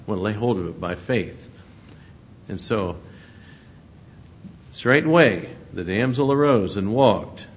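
Male preacher, lowish voice, emphatic sermon delivery, lo-fi recording. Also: animated, slow, pauses often. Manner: reads scripture aloud with emphatic rises, chuckles between points. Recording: muffled lo-fi recording with faint rumble.

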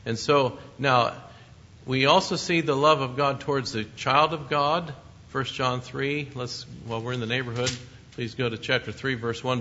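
A man's voice: medium pitch, steady tone, normal speed, sharp tone. A man preaching a sermon in a conversational way, with asides to his listeners and short chuckles. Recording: muffled lo-fi recording.

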